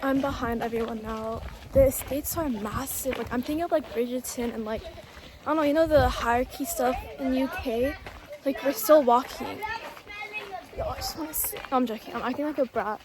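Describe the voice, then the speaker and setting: High-voiced chatty young woman vlogging. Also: a little fast. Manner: chatty, playfully dramatic, lots of "like". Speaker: travel vlogger. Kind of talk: casual vlog chat to camera. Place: outdoors in the countryside. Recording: noisy outdoor ambience.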